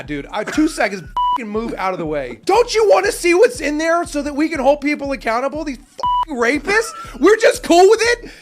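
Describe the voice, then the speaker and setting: A man ranting as a podcast guest, heated and profane, moving between quiet asides and shouting. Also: very high-pitched. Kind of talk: impassioned interview rant.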